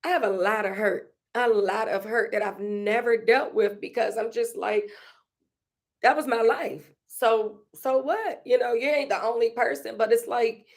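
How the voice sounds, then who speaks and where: A woman's voice: on the high side, fairly even intonation. A woman hosting a casual, reflective monologue, emotional and repeating herself, with frequent laughs. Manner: conversational, slow, emotional, laughs often, repeats phrases. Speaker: podcast host.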